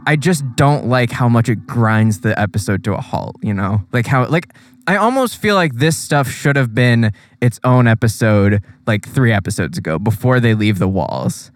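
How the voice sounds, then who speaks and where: A man's voice: mid-range voice, animated, normal speed, dry recording. Podcast co-host, male, casual profane recap, dry close car sound. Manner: profane, laughing, acts out quotes. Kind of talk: casual anime recap chat.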